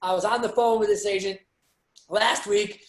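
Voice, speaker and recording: A man giving an energetic motivational talk as host of a real estate webinar, telling stories from his own life. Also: sits high, normal speed, roomy sound. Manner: energetic, storytelling. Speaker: real estate sales leader hosting a webinar.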